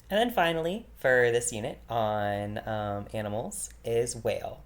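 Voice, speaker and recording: A man leads a beginner vocabulary lesson in an easygoing, unpolished way. He pauses on fillers, then says each word slowly, several times over. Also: mid-range voice. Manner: relaxed, filler-heavy explaining, repeating each word slowly. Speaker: French teacher.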